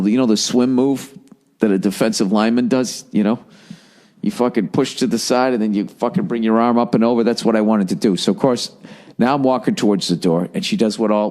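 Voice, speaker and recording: A man's voice: medium pitch, darkish tone. A middle-aged man, a comedian and podcast host, telling a rambling, profane comic story in casual chat.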